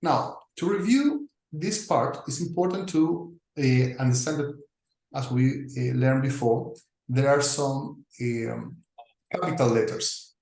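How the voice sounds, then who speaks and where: A man lectures through his slides in a slow, measured way, stopping often with small fillers as he explains. His voice sits in a middle range and carries a noticeable room echo. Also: medium pitch, gravelly, a little mellow. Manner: deliberate, with frequent pauses and fillers. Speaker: English teacher. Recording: echoey room.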